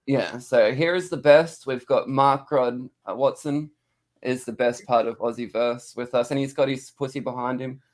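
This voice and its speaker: A man's voice: medium pitch, fairly even intonation, normal speed. A man co-hosting a comics livestream, joking, teasing and swearing freely. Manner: laughing, profane, teasing. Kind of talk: crude joking livestream banter.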